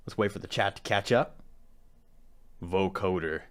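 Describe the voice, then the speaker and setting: A man's voice: low-pitched, a little slow, pauses often. A man hosting a live music production stream, talking casually and rambling, often repeating himself and laughing at his own attempts.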